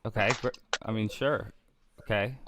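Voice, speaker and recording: A man's voice: lowish voice, steady tone, normal speed, noisy background. A man hosting a casual livestream talk show, teasing his guests and laughing often. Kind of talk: casual chat.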